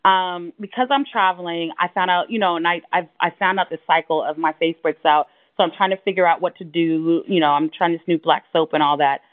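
Casual chat cohost, woman, animated, acts out voices, dry tinny line. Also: a little fast, hardly any pauses, no room sound. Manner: animated storyteller, acts out quotes in high voices. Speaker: podcast co-host. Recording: tinny phone-like remote line.

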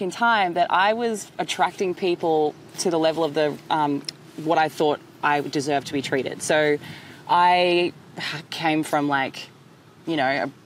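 A woman in her thirties hosting a podcast, talking in an animated, emphatic casual way and swearing freely. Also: low-pitched, slight background noise. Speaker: podcast host. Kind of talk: casual chat.

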